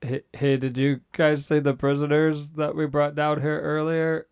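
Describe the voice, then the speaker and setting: A man playing a tabletop game, bantering in character with a joking, deadpan manner. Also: fairly high pitch, measured pace, smooth, dry recording, studio quality. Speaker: player.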